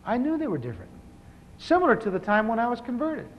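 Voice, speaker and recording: A man in his fifties, a pastor, telling his personal testimony in a relaxed, humorous storytelling manner, with frequent restarts. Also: extremely high pitch, fast talker. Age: 50s. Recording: echoey hall, dull lo-fi tape.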